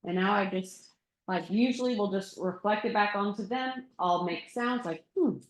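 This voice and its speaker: A woman teaching yoga and Thai bodywork in a relaxed, reflective way, laughing often during a group discussion. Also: medium pitch, moderate pace. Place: yoga studio room. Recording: echoey room.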